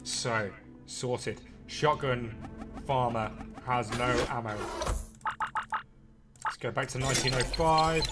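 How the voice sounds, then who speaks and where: A man giving chatty, excitable live commentary while playing a game, talking to viewers. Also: mid-range voice, slow pace, pauses often, music in the background. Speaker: game streamer.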